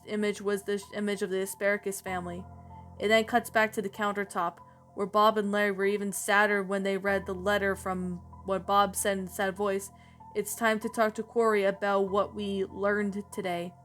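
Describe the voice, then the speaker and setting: A woman's voice: medium pitch, a bit bright. Woman reading a creepy story.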